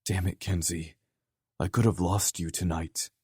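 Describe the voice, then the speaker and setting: Gruff protective young guy, narrator doing him, low voice, dry sound. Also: fairly even intonation, unhurried, a little mellow, dry recording. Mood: tender. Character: protective, furious young man.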